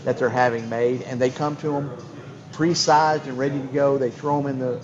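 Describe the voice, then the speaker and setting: A man's voice: medium pitch, steady tone, moderate pace, dull audio, crowd noise. Rambling male host in a noisy bar. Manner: rambling, enthusiastic storyteller with many restarts. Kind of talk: casual chat. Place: bar lounge.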